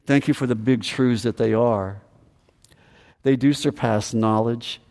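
Emphatic pastor preaching with hall reverb. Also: male voice, medium pitch, steady tone, measured pace, darkish tone. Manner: emphatic, repeats phrases, asks the congregation questions. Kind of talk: sermon. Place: church sanctuary.

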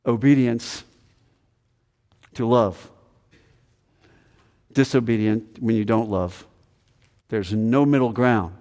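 A man's voice: medium pitch, animated, unhurried, long pauses, a little mellow, in a large hall. A man preaching a sermon as pastor, emphatic, repeating phrases and asking the congregation questions. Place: church sanctuary.

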